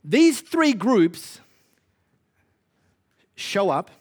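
A man's voice: high voice, sing-song, extremely slow, darkish tone. A man with an Australian accent preaching a sermon in a conversational, punchy way with wry humor. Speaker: pastor.

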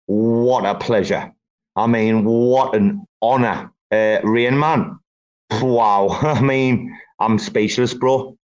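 A man's voice: mid-range voice, fairly even intonation, takes it slowly, dull audio. A man chatting casually, brash and joking with the others. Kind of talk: casual chat.

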